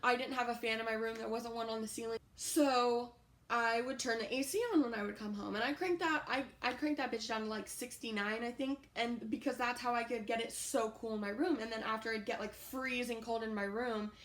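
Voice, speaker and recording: Animated, profane young woman telling a story. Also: on the high side, a little fast. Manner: animated, profane, rambling with many fillers. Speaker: YouTuber. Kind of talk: casual storytime vlog.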